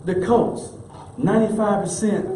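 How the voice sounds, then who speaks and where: Preacher in an echoey hall. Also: male voice, high-pitched, fairly even intonation, normal speed, mellow. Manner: emphatic preaching with repeated refrains; casual colloquial delivery. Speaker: minister. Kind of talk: sermon. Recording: echoey room with faint background noise.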